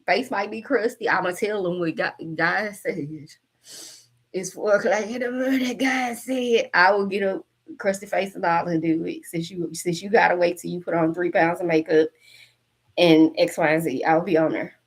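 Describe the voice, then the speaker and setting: A tarot reader and coach in her forties, she does a casual spiritual reading to camera, blunt, profane, joking and often laughing. Her voice is lowish and slightly rough, steady in tone, at a moderate pace.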